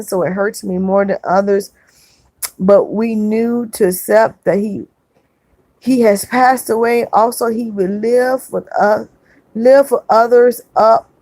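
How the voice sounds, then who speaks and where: A woman hosting a livestream, reading viewers' comments aloud and answering them in a soft, halting way with many fillers. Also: medium pitch, no echo. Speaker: livestream host.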